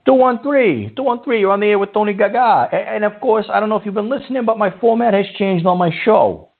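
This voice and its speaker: A man's voice: high voice, quick pace, creaky. A man hosting a comedic call-in radio show, blustery and exasperated. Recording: tinny phone-like sound.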